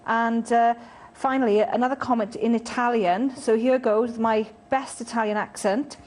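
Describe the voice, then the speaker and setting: Woman, fairly high voice, reads viewer messages, brisk. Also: steady tone, darkish tone. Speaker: viewer-texts presenter. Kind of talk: reading viewer questions on air.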